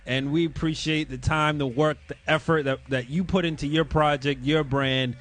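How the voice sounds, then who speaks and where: A man's voice: on the high side, fairly even intonation, moderate pace, a bit bright. A man on a live stream talking enthusiastically, often repeating words as he goes, laughing easily. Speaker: network guest. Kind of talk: casual live-stream chat.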